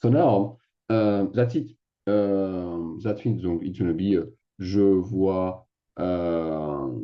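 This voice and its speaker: Man, French accent, very low voice, slow delivery, teacher explaining grammar, slightly dull recording. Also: expressive, gravelly. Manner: sprinkles French fillers, asks "d'accord?" often. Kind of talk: casual classroom explanation.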